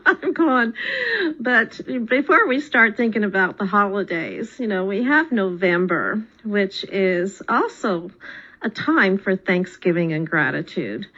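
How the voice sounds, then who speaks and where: A woman who is a radio talk show host and yoga teacher, cheerful and quick to laugh, chatting and reading aloud, in dull lo-fi radio audio. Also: mid-range voice, pushed and bright.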